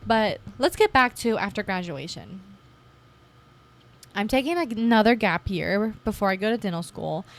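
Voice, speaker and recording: A young woman in her twenties, hosting her own podcast, telling her story in a chatty, casual way and acting out her past self with lively jumps in voice. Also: medium pitch, moderate pace. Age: 20s. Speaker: podcast host. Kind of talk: casual personal podcast monologue.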